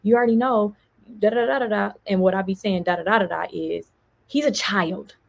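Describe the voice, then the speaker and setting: A woman vlogger, venting in an animated storytime and quoting others as she goes. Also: mid-range voice, fairly quick, gravelly. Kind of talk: casual storytime vlog.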